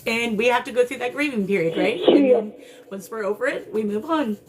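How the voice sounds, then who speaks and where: Woman running a live ghost session, coaxing and warm, kinda emotional, faint hiss behind her. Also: fairly high pitch, brisk. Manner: warm, coaxing, talks to spirits and viewers. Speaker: paranormal livestream host. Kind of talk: live spirit-box session with chat.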